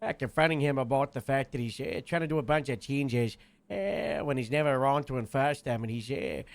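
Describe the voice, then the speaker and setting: A man's voice: medium pitch, brisk, creaky, no echo. A man telling a long story in character during a roleplay game, rambling with lots of filler and restarts.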